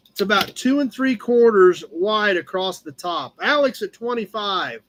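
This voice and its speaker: A man with a fairly high voice hosts a casual live-stream auction. He chats easily about each piece and calls out the bids as the timer runs, with a cat heard now and then in the background. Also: fairly bright tone. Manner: chatty, talks to his cat between bids. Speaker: host auctioning car badges.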